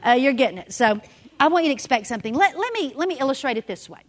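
A woman's voice: high voice, very fast. A woman, a women's ministry speaker, giving a sermon in a meeting room and telling stories while acting out the dialogue. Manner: animated storyteller, acts out dialogue. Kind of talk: sermon with personal storytelling. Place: indoor meeting room with audience.

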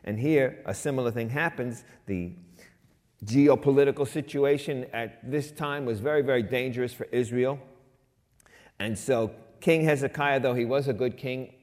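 A middle-aged male pastor preaching in a conversational way, with an average-pitched voice. He leans loud on key phrases and drops soft for asides. His voice trails off in a long hall reverb. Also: moderate pace. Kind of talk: sermon.

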